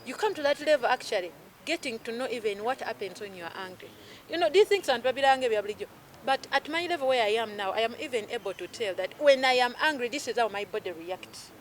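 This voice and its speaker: Woman, Ugandan accent, thirties, coach, animated, slightly high voice. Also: fast talker. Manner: animated, mixes English with Luganda phrases. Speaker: emotional healing coach, guest. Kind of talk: casual chat.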